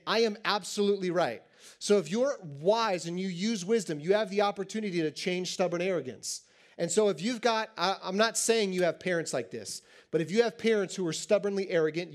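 A man in his thirties preaching to teens in a joking, animated way, acting out little scenes. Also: sits high. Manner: animated, joking, acts out quotes. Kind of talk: sermon to teens.

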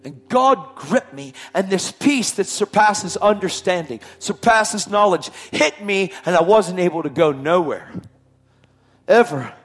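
A man with a slightly high voice shares his emotional personal testimony. He tells it like a dramatic storyteller, sinking to hushed tones before climbing to full shouts. Faint instrumental music plays behind him. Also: lively intonation, a little slow, breathy edge. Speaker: testimony speaker.

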